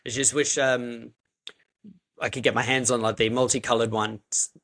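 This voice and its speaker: A man's voice: medium pitch, little pitch movement, normal speed, fairly bright tone. A male podcast host, casually chatting and backing up his guest with short replies and laughs. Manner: short backchannels, laughs along. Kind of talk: casual chat.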